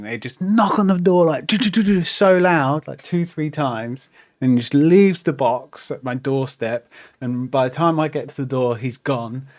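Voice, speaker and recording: A man's voice: medium pitch, a little mellow. A man streaming a video game, chatty commentary that rambles and swears. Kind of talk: casual let's-play commentary.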